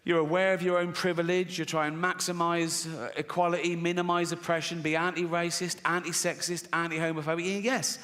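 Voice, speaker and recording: Performing on a big theatre stage to a live crowd, a man from England with a slightly high, bright voice spins profane, conversational stories, suddenly acting out the voices of his characters. The live theatre recording has roomy reverb and audible audience noise.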